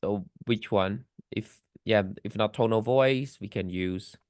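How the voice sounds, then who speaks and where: A man's voice: fairly low pitch, darkish tone, clean tone, no room sound. Patient male English teacher, dry sound. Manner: patient, repeats key phrases slowly for learners. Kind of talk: online class teaching presentation vocabulary.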